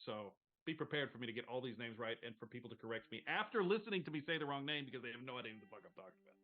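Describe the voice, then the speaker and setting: A man's voice: medium pitch, lively intonation, racing, phone-quality sound, faint music behind. A man running a tabletop game as game master, narrating casually, rambling and swearing freely.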